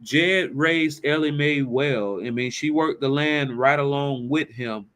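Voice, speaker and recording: A man's voice: mid-range voice, unhurried, a bit bright. A man speaking as a financial planning speaker, telling a story in a conversational way and asking rhetorical questions. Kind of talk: storytelling talk to camera.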